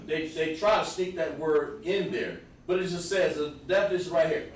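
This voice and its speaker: A man's voice: on the high side, unhurried, gravelly. Man teaching scripture in an echoey room. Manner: explains word by word, addresses listeners directly. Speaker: religious teacher. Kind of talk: live-streamed scripture class. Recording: very echoey room, far from the mic.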